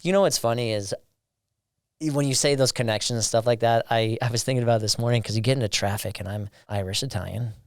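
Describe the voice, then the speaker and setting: A man hosting a podcast, telling jokey stories in an animated, casual way. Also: medium pitch, fast, no room sound, studio quality. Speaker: podcast host. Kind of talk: casual chat.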